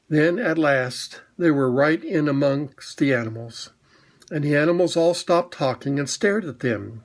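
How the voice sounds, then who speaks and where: A man narrating a children's story in a measured, even storytelling manner. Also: on the high side. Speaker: audiobook narrator. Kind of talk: storybook reading.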